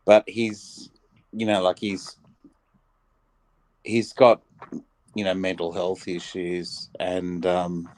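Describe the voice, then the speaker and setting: Man, low pitch, very slow delivery, rambling casual chat. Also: little pitch movement, darkish tone, rough recording. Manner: rambling, with many restarts and fillers.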